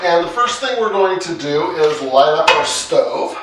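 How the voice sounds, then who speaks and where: Slow-talking man in an echoey kitchen. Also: on the high side, heavy background noise. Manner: chatty, relaxed, folksy asides. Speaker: cooking show co-host. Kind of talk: casual cooking demonstration. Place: home kitchen. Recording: echoey kitchen, mic at a distance. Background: clattering dishes and cutlery.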